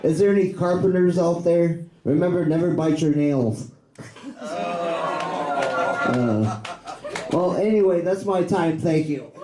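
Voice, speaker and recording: A man's voice: fairly high pitch, slow pace, long pauses, heavy background noise. A man at an open mic telling corny one-liner puns and chuckling at his own jokes. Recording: echoey cafe room.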